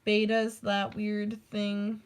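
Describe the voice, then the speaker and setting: A woman's voice: mid-range voice, completely flat delivery, takes it slowly, clean tone. Rambling young woman. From United States. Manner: rambling, filler-heavy, lots of "like", casual swearing. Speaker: vlogger. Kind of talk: casual rant.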